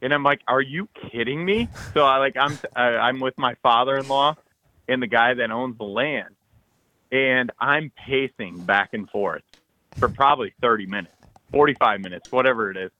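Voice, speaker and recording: A man co-hosting a podcast, telling an excited hunting story full of acted-out quotes and loud bursts. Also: mid-range voice, moderate pace, muffled recording. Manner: animated, loud bursts, frequent "like", acts out texts and quotes.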